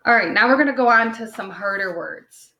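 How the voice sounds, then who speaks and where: A woman's voice: a little high, bright, forceful tone, muffled recording. A woman teaching a phonics lesson to young children, patiently sounding words out and checking in with "okay?" after each point. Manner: sounds words out slowly, tapping syllables. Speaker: second grade teacher. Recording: roomy echo.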